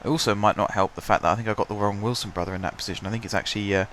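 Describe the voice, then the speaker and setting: Casual male gamer narrating play, congested and throat-clearing, lowish voice, light background hiss. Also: fairly even intonation, very fast, a bit bright. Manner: chatty, self-deprecating, clears his throat often. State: stuffy, blocked-up voice. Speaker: gaming commentator. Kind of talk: casual let's-play commentary.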